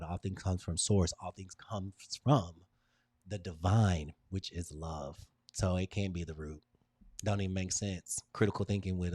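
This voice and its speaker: A man hosting a live workshop, leading a group through emphatic, repetitive motivational affirmations with emotional pauses. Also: sits low, a little mellow, no room sound. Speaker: host and design workshop leader.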